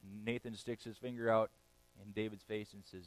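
A male pastor preaching a sermon, moving between loud emphatic bursts and quiet, low passages and often checking in with "okay?". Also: flat delivery, moderate pace, low-quality recording.

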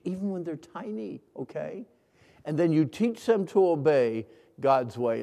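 A middle-aged man preaching a sermon, leading call-and-response and swinging between hushed and loud lines. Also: mid-range voice, creaky. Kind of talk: sermon to a congregation. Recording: long hall reverb.

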